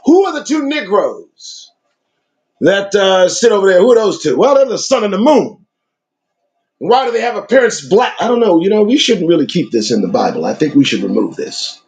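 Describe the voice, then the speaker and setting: A man's voice: high voice, big pitch swings, moderate pace, a little mellow, poor audio. A man reading old scripture aloud and breaking off into casual commentary full of emphatic rhetorical questions.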